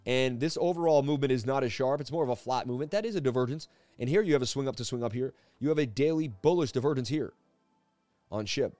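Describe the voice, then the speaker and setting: A man's voice: mid-range voice, fast, dry recording, soft background music. Upbeat man rambling through a live chart analysis. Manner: energetic, rambling, jokey. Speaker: crypto market analyst host. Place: seated at a desk indoors.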